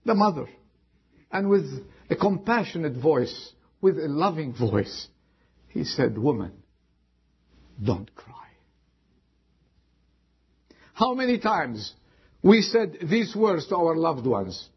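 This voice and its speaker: A man preaching a sermon with emphatic delivery and long dramatic pauses. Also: high-pitched, very animated, husky. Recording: dull lo-fi sound.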